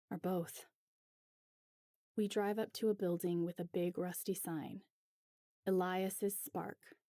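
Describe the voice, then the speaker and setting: A woman reading a story aloud as narrator in a measured, reflective way. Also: medium pitch, dark tone, dry recording, clean studio sound. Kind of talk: reading fan fiction aloud.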